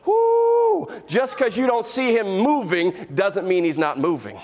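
A man preaching a sermon as pastor, emphatic, slowing down to stress key phrases and calling out to the congregation. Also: sits high, big pitch swings. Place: church sanctuary.

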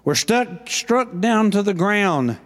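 An older man, preaching a sermon as pastor with passion and swings between loud and hushed delivery. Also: high-pitched, expressive, slow.

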